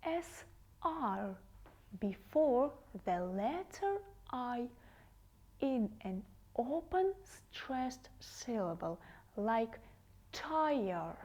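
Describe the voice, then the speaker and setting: A woman English teacher giving a TV lesson to children, saying each word slowly and carefully and repeating it twice. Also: on the high side, very animated, dark tone.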